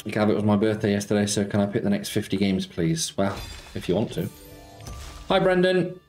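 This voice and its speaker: A man's voice: on the low side, brisk, darkish tone, faint music behind. Chatty man greeting stream viewers. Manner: chatty, greets viewers by name and banters about football. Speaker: slots streamer. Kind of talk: casual live-stream chat.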